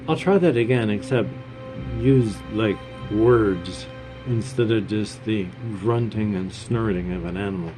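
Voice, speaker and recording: Over music, a gamer in his fifties talks at a slightly slow pace with a fairly low pitch. His commentary wanders sarcastically, poking fun at himself, broken up by bits of game text read out loud.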